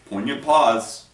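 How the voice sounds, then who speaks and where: A man telling a story in a casual vlog, swearing freely and acting out what others said. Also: medium pitch. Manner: animated, swears freely, quotes people in put-on voices. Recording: echoey room, mic at a distance, faint noise.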